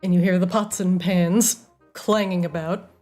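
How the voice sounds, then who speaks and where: A woman's voice: lowish voice, steady tone, a little slow, darkish tone, soft background music. A woman narrating and explaining the rules as game master of a tabletop role-playing game, chatty with many fillers.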